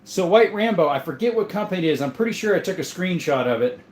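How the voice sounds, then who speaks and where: A man's voice: sits high, expressive, quick pace. A man casually hosting a livestream, chatting and greeting viewers by name as he reads the chat. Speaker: livestream host reading chat. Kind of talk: casual live-chat talk.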